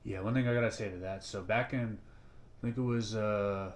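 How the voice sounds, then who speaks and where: A man's voice: fairly low pitch, fairly even intonation, normal speed. A man hosting a casual interview, a former soldier who talks bluntly and swears emphatically.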